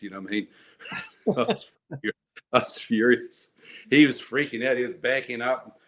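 A man's voice: medium pitch, normal speed, long pauses, a bit bright, a little hiss or hum. An older man telling his life story as an interview guest, vivid and dramatic, with restarts. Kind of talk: animated storytelling.

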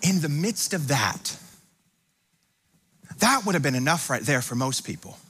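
A man's voice: on the high side, sing-song, unhurried, a bit bright, breathy edge. A man in his thirties preaching a sermon in church, building to impassioned repetition with humorous asides to the congregation. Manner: preaching with rising intensity and repetition. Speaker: pastor. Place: church sanctuary.

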